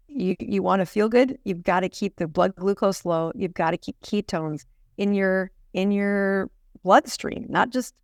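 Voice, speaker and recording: A middle-aged woman, a physician and podcast guest, telling stories in an animated way and laughing often. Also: medium pitch, no room sound, clean studio sound. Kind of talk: storytelling in a podcast interview.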